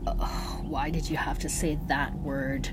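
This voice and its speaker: A woman voicing a tormented woman haunted by her dead children, snarling low whispers and breaking into shrill, sobbing wails. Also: little pitch movement, a little slow, heavy background noise. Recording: music playing underneath.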